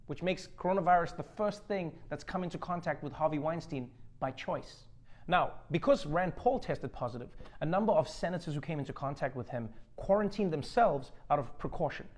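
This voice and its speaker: A man's voice: fairly high pitch, a little mellow. A man hosting a comedic news monologue, delivering jokes with sarcasm. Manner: joking, sarcastic delivery with acted-out bits. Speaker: comedy host.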